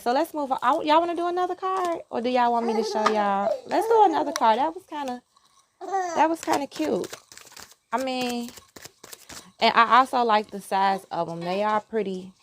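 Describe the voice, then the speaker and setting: A talkative woman rambling through a casual outdoor vlog at a mid pitch. She laughs often and drifts off to speak to her child. Steady outdoor noise and clicks run under her voice. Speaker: tarot vlogger. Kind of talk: casual chat to viewers. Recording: noisy outdoor recording.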